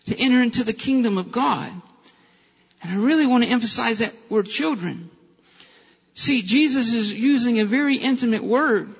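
Brief: male pastor, impassioned preacher, high gravelly voice, bright edge, long church reverb, dull lo-fi recording. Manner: impassioned preaching with rhetorical questions. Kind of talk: sermon.

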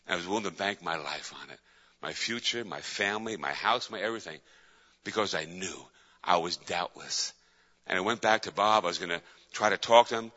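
A man's voice: low voice, fairly quick, sharp tone. A man, a pastor, preaching a sermon with emphatic repetition. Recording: echoey hall, dull lo-fi sound.

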